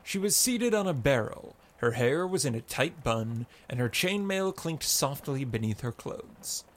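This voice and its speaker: A man narrating a story in a slow, expressive reading. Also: mid-range voice, a little hiss or hum.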